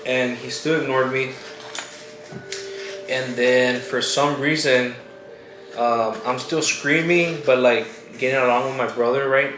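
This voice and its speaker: A man's voice: mid-range voice, steady tone, unhurried. A young man hosting a vlog, telling a scary story casually with lots of slang and fillers. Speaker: vlog host. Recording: echoey room with music playing.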